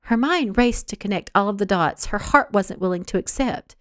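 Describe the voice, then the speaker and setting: A woman reads her own novel aloud with expressive, animated narration. Her pitch rises and falls a lot, and the recording is dry and close. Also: moderate pace, no room sound. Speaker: author reading her novel. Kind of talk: audiobook narration read aloud.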